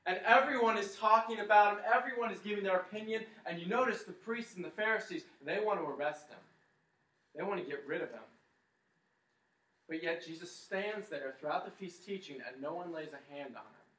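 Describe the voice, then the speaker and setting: A man's voice: high voice, fairly quick, a bit bright. A man preaching a sermon to his congregation, telling the story dramatically and leading them in a chant. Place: church hall. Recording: echoey hall, mic at a distance.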